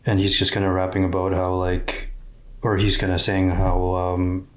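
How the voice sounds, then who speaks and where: A man hosting a music reaction video, explaining an album in a casual, halting way with many fillers. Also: deep voice, completely flat delivery.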